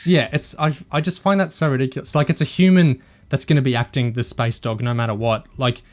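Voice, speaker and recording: A man's voice: medium pitch, fairly even intonation, fairly quick. A man co-hosting a discussion podcast, opinionated and hesitant, often restarting his sentences. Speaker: podcast co-host.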